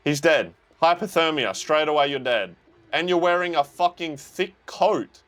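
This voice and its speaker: A young man talking through a TV episode as he watches it. His voice sits fairly high and swings about a lot in pitch. He swears freely and shouts at the screen. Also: animated, moderate pace. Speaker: reaction video host. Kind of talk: casual TV reaction commentary.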